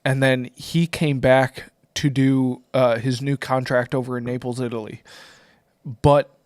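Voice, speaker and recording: A man's voice: medium pitch, measured pace, no echo, studio quality. A man who is a podcast guest, telling stories in casual chat around a table and laughing often as he talks. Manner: animated storyteller, laughs often.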